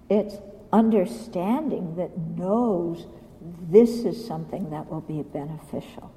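A woman teaching Buddhist ideas at a slow, deliberate pace, blunt and pointed as she questions her listeners. Her voice is dark and mellow, and a long hall reverb trails behind each phrase. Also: medium pitch. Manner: blunt, questioning, acts out quotes. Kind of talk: dharma talk.

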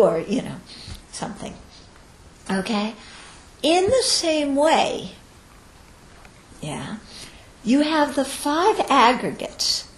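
A woman giving a Buddhist teaching to students, explaining step by step and often checking in with "okay?". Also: medium pitch. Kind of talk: dharma talk to students. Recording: roomy echo.

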